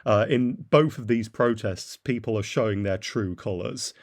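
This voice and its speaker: A man's voice: fairly low pitch, moderate pace. A man giving a blunt, derisive opinion monologue as a commentator, with frequent "uh" fillers. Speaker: political commentator.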